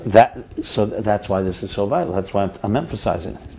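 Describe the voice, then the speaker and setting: A man's voice: on the low side, lively intonation, fairly quick, mellow, husky. A man explaining ideas in a conversational teaching style, emphatic and repeating his key points. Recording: dull lo-fi recording.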